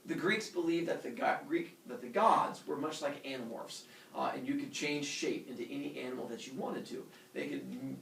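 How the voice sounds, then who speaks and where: A male teacher retelling a myth to his class in a casual, animated way, full of fillers and sound effects. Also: medium pitch, creaky, slight background noise. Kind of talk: storytelling lesson. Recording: roomy classroom from far off.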